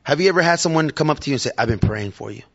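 A man's voice: on the high side, lively intonation, racing, gravelly, fairly bright tone, muffled recording. A man giving a casual, conversational sermon to his church and joking with the audience. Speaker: lay preacher. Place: church hall.

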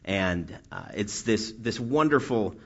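A man giving a casual, chatty sermon to a congregation, self-deprecating, with lots of restarts and quick "right?" tags. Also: on the low side, expressive. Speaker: preacher. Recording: dull lo-fi sound.

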